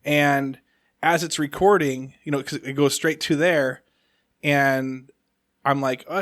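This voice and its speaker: A man's voice: medium pitch, fairly even intonation, measured pace, fairly bright tone, dry recording, studio quality. A man hosting a podcast, telling stories in casual chat and acting out the voices of people in them. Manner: storytelling, acts out voices from his stories. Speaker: podcast host.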